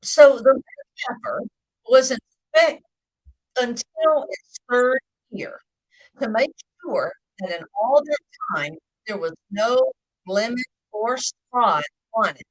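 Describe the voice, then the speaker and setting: A woman giving a live video Bible teaching, speaking slowly and deliberately, with the occasional hiccup. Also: a little high, no echo, poor audio. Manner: slow, deliberate, lively intonation.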